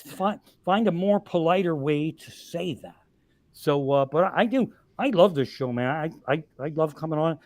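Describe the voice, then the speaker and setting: A man's voice: fairly high pitch, expressive, moderate pace, a little mellow, no room sound. A man, a stand-up comedian, telling stories on a podcast with heavy swearing and exasperated rants. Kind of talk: profane comic storytelling. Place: podcast studio.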